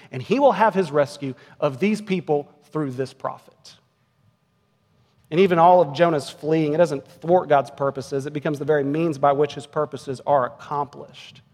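A man's voice: on the high side, a little mellow. A man in his forties preaching a sermon as pastor, earnest and building to emphatic peaks. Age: 40s. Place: church sanctuary. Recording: long reverb of a church hall.

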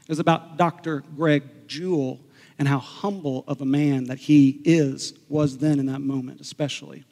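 A man delivering a sermon in a church sanctuary, his voice sitting high for a man. He speaks with earnest conviction and slows down to stress key points. A long reverb trails after each phrase. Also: fairly even intonation, vocal fry, mellow. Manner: earnest storytelling preacher, slows for emphasis. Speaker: pastor.

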